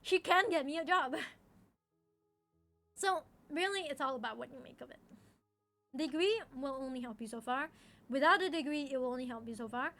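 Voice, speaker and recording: High, bright-voiced young woman streamer. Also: normal speed, pauses often, soft background music. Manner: talkative, repeats phrases and laughs often. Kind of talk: casual chat with stream viewers.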